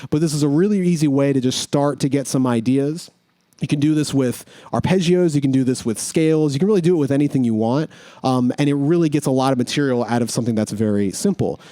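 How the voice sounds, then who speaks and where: A man teaching guitar in a casual, relaxed way, talking through note names as he demonstrates. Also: medium pitch, fast, no room sound. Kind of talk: casual instructional explanation.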